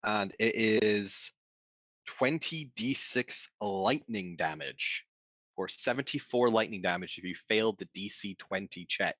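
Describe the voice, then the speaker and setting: A man's voice: lowish voice, a little slow, fairly bright tone, no room sound, low-quality recording. A man narrating as game master in a tabletop game over voice chat, stretching out dramatic moments with many fillers.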